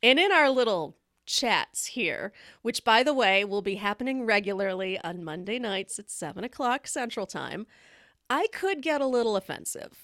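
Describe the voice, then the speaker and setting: Gravelly lady hosting a live stream, blunt and candid, laughs a lot, dry close sound. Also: mid-range voice, expressive, normal speed, a bit bright, no room sound. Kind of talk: casual storytelling chat.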